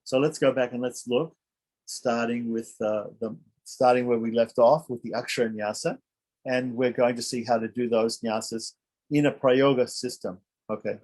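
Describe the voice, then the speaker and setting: Man of average pitch leading a scripture lesson, unhurried, self-correcting, slow careful chanting. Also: fairly even intonation, darkish tone. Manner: halting, thinks aloud with restarts and asides; chants mantras slowly and carefully. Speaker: teacher. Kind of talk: scripture class lecture.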